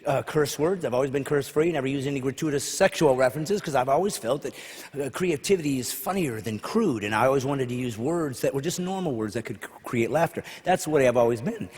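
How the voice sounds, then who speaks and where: A man doing a clean stand-up routine with an earnest, low-key delivery. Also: lively intonation, fast talker, a little mellow, husky. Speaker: comedian. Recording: live hall with reverb and noise.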